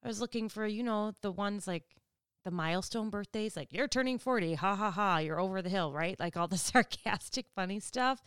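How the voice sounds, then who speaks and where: A woman's voice: medium pitch, fairly quick, fairly bright tone, clean tone, no echo, clean studio sound. A woman of about forty from Wisconsin, chatting casually to her viewers, laughing often and acting out quoted people. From Wisconsin, US Midwest. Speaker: vlogger. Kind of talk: casual chat to camera.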